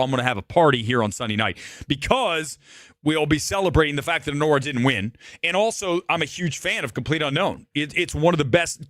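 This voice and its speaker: Male movie show host with a slightly hoarse, higher-pitched voice, dry close mic, ranting profanely. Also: fairly bright tone, no echo. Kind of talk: live show, ranting opinion.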